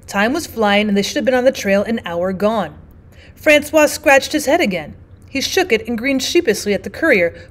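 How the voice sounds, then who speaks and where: A woman, a teacher, reading a classic novel aloud in steady, clear audiobook narration. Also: fairly high pitch.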